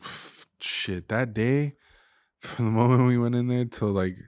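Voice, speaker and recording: A man's voice: mid-range voice, unhurried, darkish tone, smooth, no room sound, clean studio sound. A young man, a chef and restaurant guest, telling an emotional personal story in a casual way, full of "dude" and "like". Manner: casual, says "dude" and "like" often.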